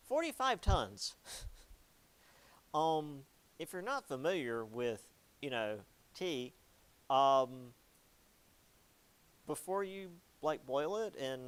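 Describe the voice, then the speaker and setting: A young man giving a casual history lecture, chatty and jokey, with many ums and likes. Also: medium pitch.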